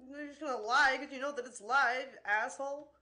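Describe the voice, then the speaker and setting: A woman's voice: sits high, moderate pace, sharp tone. A woman streamer in an angry livestream rant, swearing constantly and sounding exasperated and worn out.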